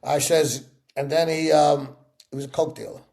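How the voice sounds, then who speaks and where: Gravelly man telling stories animatedly. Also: fairly high pitch, moderate pace. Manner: animated storyteller acting out quoted voices. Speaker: interview guest. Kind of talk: sit-down interview storytelling.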